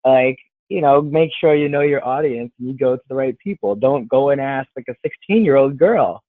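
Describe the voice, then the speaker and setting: A man's voice: mid-range voice, moderate pace, no echo. A man co-hosting a casual podcast, talking in a playful, pushy way. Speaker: podcast co-host. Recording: dry tinny phone-like audio.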